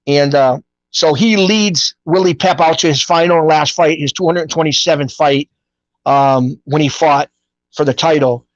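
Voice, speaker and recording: A man's voice: fairly high pitch, normal speed, no echo. Rambling New man, dull dry audio. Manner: rambling and animated, with street-style grammar. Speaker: guest. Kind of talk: casual storytelling interview.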